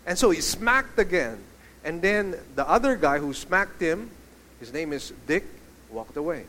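An animated male pastor delivers a sermon, his voice sitting a little high for a man. He asks the congregation questions as he goes. A faint background hum of the room is heard behind him. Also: moderate pace.

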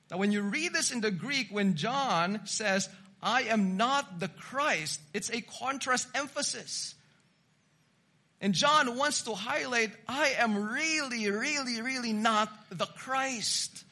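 A male preacher giving a teaching sermon at an unhurried pace. His voice sits high and sounds bright and forceful, and he hammers home key points with repeated, emphatic words. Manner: measured teaching delivery, rising to emphatic repetition. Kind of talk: expository sermon.

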